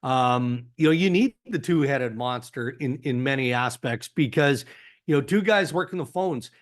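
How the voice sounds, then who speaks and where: A man with a Canadian accent, a hockey insider guest on a podcast, speaking in a measured, analytical way with frequent "you know" fillers. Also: mid-range voice. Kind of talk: podcast interview.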